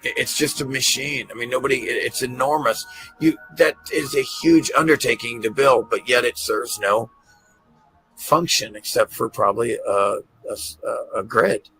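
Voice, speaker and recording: A man hosting an excited commentary over pictures, gushing and repeating himself, often stammering. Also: medium pitch, moderate pace, creaky, soft background music, poor audio. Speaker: host.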